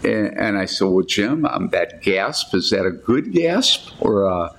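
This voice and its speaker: Man, low and gravelly, casual storyteller who acts out quotes; light background noise. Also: a little slow. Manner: animated anecdotes with quoted voices, frequent restarts. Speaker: golf course architect.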